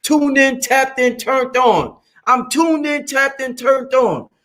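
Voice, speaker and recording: Excitable high-voiced man hosting a show. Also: takes it slowly. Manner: loud, excitable, swings high and low, laughs often, swears freely. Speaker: show host. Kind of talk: animated livestream monologue.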